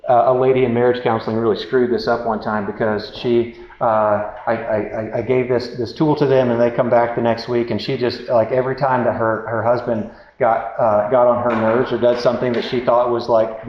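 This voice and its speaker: A man's voice: medium pitch, little pitch movement, normal speed. A man giving relationship advice through a casual, candid story, self-deprecating and rambling with many fillers. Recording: roomy, dull sound with faint noise.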